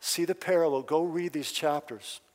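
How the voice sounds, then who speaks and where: A man's voice: fairly high pitch, moderate pace. A man preaching at a prophecy seminar, fervent and emphatic, who often puts questions straight to his listeners. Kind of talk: sermon. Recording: long hall reverb.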